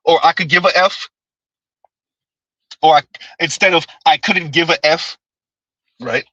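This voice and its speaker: Male livestream host, bright and slightly high, rambling and repetitive, laughs a lot, dry close sound. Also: fairly even intonation, unhurried, no room sound, highs cut off. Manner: rambling, repeats himself, laughs often. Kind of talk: casual live chat reading comments.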